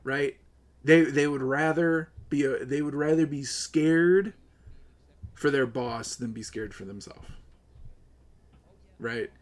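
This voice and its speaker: A man streaming live, ranting with lots of swearing, upset and close to tears, swinging between loud outbursts and low mutters. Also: slow pace, long pauses. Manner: profane, agitated, swings between yelling and muttering. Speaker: livestreamer.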